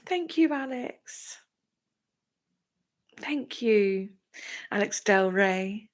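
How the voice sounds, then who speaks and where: Speaking very slowly in a mid-range voice with lively intonation, a young woman livestreams and chats with her viewers. She's candid and emotional, rambling and filler-heavy, at moments nearly in tears, and she bursts into both laughter and crying.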